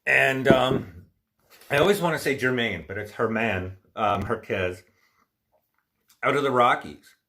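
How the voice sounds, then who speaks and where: A man's voice: medium pitch, lively intonation, measured pace, creaky, pauses often, sharp tone. A man hosting a casual livestream chat, talking in a rambling, opinionated, frustrated way, with a stuffy nose from allergies. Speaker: livestream host.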